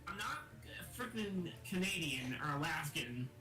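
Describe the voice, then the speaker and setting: A man's voice: fairly high pitch, animated, unhurried. A man chatting casually with friends, teasing and often restarting his sentences. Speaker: friend on stream. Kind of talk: casual chat. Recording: echoey room with music.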